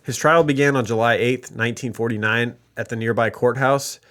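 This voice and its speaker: A man's voice: mid-range voice, steady tone, brisk, fairly bright tone. A man co-hosting a true crime podcast, retelling a case from notes with jokey asides. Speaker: podcast co-host.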